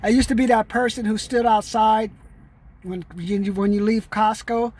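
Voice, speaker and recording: A middle-aged male vlogger rambles loosely to his camera in a casual monologue, streetwise and peppering his talk with "man." His voice is high and a little mellow, delivered flatly at normal speed.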